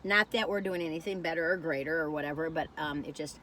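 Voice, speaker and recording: A woman's voice: low-pitched, fast, a bit bright, a little hiss or hum. A woman reviewing food in a casual vlog, chatting while she tastes and telling a rambling story that keeps losing its thread.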